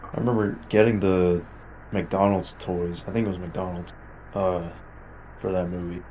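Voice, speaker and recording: A man co-hosting a casual stream chat, laid-back and halting with fillers. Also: low voice, little pitch movement, warm tone, a little hiss or hum, low-quality recording. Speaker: co-host.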